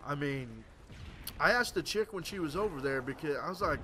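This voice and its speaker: A man's voice: on the high side, lively intonation, a little fast, sharp tone, a little hiss or hum. A tired man doing casual game commentary, rambling crudely and stammering through restarts. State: tired late at night. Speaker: gameplay commentator.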